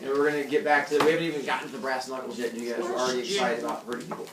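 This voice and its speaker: A man's voice: mid-range voice, level tone, rapid-fire, noisy background. A male teacher recapping a book with his class, quizzing students in a chatty way. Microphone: camera at a distance. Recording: echoey classroom, mic far off, students chattering.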